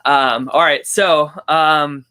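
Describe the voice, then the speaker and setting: A woman's voice: sits low, fairly even intonation, takes it slowly, sharp tone. A woman hosting a casual podcast chat, giggly and hesitant, with many fillers. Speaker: podcast host.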